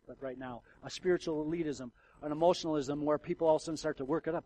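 Male pastor preaching, hushed to loud. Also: fairly high pitch, steady tone, rapid-fire, hardly any pauses, a little hiss or hum, low-quality recording. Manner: preaching with wide swings from hushed to loud, ironic asides. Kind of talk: sermon. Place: church sanctuary.

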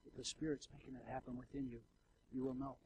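A man preaching a sermon as the pastor of a church, swinging from hushed, intimate passages to loud, fervent ones, with ironic asides. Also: mid-range voice, little pitch movement, fast talker, husky, poor audio. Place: church sanctuary.

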